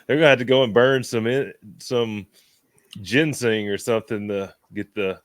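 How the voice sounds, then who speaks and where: A man co-hosting a podcast, chiming in with slow, teasing questions during casual chat. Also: medium pitch, steady tone, no room sound. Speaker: podcast co-host.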